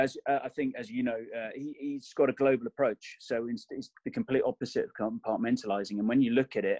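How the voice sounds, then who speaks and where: Male coach guest, deep and even, rambles and self-corrects, dry close sound. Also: dry recording. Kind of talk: casual interview chat.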